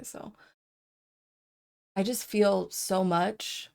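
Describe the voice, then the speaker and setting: A woman's voice: lowish voice, fairly even intonation, normal speed, creaky, darkish tone. A young woman talking in an unedited personal vlog, rambling with lots of fillers and growing tearful as she speaks. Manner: rambling, filler-heavy, openly emotional. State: tearful, crying. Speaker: vlogger.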